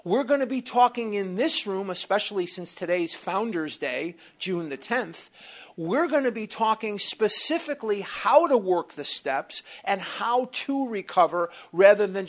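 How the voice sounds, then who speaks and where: A speaker from the United States giving a talk to a live group in a meeting room at a recovery workshop, telling personal stories in an animated, blunt way with mild swearing and asides. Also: mid-range voice, unhurried.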